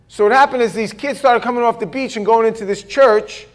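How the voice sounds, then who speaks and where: A man preaching a sermon in a church, telling stories in an animated way and joking at his own expense. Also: extremely high pitch, brisk. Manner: animated storytelling with self-deprecating jokes. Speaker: pastor. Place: church sanctuary.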